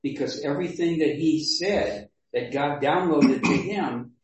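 A man in a church study group explains a verse in a chatty way. His voice is a bit high, and it comes from well away from the mic. A very echoey room surrounds him. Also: unhurried, distant mic.

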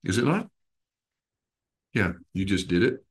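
Speaking unhurriedly in a low voice with big pitch swings, he teaches his small Bible study group conversationally. Along the way he asks them questions and acts out little voices and expressions.

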